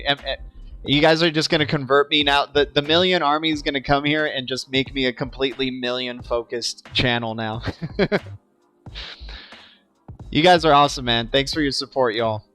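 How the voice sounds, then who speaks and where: A man's voice: medium pitch, fairly even intonation, moderate pace, fairly bright tone, soft background music. A young man of Cuban background hosting a crypto livestream, chatting casually with viewers and often stumbling and repeating words.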